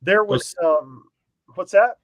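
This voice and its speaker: A man's voice: high-pitched, expressive, takes it slowly, dry recording, low-quality recording. A man co-hosting a casual podcast chat, rambling and self-deprecating, laughing often. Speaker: podcast co-host.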